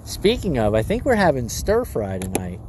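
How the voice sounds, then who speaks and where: A man hosting a live stream, rambling through an animated story with lots of fillers. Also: medium pitch, normal speed, heavy background noise.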